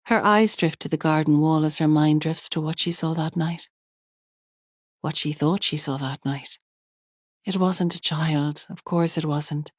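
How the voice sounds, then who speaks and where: A woman narrating a thriller audiobook in a measured, calm way. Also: low voice, no echo, clean studio sound.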